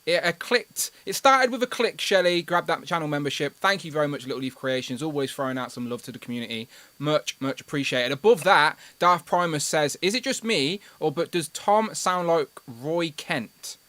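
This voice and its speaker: A man's voice: on the high side, pushed and bright, no room sound. An English man hosting a livestream, chatting casually and bantering as he reads out viewer comments. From England. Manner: chatty, jokey, quick banter. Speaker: livestream host.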